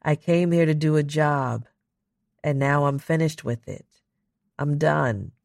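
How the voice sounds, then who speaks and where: A woman's voice: sits low, a little slow, gravelly, a little mellow, dry recording, clean studio sound. A reader voicing Donna, a worn-out older woman. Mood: resigned. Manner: weary, resigned. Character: exhausted older woman astronaut stranded alone.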